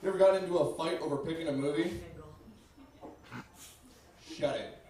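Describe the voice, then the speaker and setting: A brash, profane young man working a stand-up set on a club stage, his voice pitched a little high. He is caught from a distance, so the sound is thin and carries a heavy, echoing room around it. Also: normal speed, a little mellow. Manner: brash, profane, crowd-addressing. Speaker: stand-up comedian. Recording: echoey club, mic far off.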